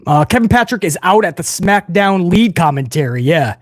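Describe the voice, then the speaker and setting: A man's voice: sits high, sing-song, normal speed, no echo, studio quality. A man hosting a wrestling news channel, talking casually and bluntly to his viewers and calling them guys. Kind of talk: casual opinionated commentary to viewers.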